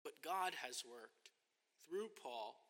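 Speaking slowly with a medium pitch, lively intonation, and a fairly bright tone, a pastor delivers an earnest, emphatic sermon full of rhetorical questions. He is in a church sanctuary, and the audio has a large hall's long reverb.

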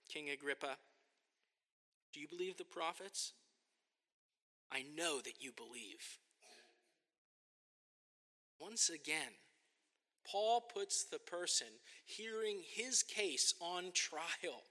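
A man's voice: on the high side, expressive, slow pace, pauses often, bright, forceful tone. A man preaching a sermon as a pastor, earnest and emphatic, often asking rhetorical questions, in a church sanctuary. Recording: long reverb of a large hall.

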